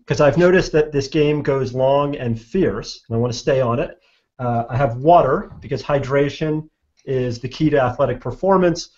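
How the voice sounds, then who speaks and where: Hesitant man on a muffled call. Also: medium pitch. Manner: hesitant, dry humor. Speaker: guest panelist. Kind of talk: casual self-introduction. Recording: dull video-call audio.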